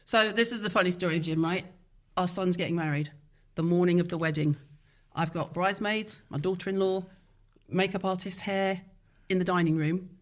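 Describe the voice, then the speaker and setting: Animated woman telling stories. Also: on the low side, normal speed. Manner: lively, animated storyteller who acts out voices. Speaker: podcast host. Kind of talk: casual chat.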